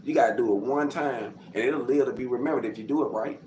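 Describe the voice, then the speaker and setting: A man from Arkansas, casually telling his life story to camera, acting out quotes and sound effects and getting loud as he goes. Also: mid-range voice, fast. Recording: roomy with faint background noise.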